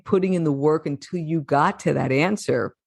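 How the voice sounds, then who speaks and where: A woman's voice: low-pitched, normal speed, gravelly, a little mellow, no echo, studio quality. A woman podcast host asking a guest questions and reflecting back on what she shared in a reassuring, affirming way. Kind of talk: interview conversation.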